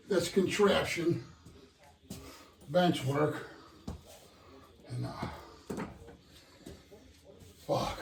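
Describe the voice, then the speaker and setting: An older man mutters and curses to himself, out of breath as he builds benchwork for a model train, in casual self-talk. His voice is on the high side, slightly mellow, with vocal fry. The distant mic picks up roomy echo and slight background noise.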